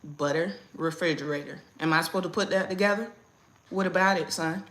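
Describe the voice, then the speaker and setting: A young to middle-aged woman, hosting a casual livestream chat from home in a blunt, animated way and laughing often. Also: fairly low pitch, a little fast. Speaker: livestream host.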